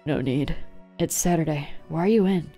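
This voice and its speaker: A calm, kindly senior lawyer speaks in a lowered, hushed voice, as a woman puts him on. He sounds measured and unhurried, quiet and a little subdued. It is game dialogue read aloud over faint music.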